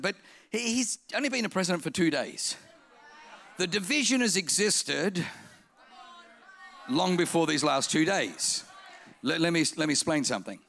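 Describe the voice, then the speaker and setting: A male preacher with a high, bright voice, delivering a sermon in a church. He is lively and comic, repeating phrases for effect and slipping into acted-out voices.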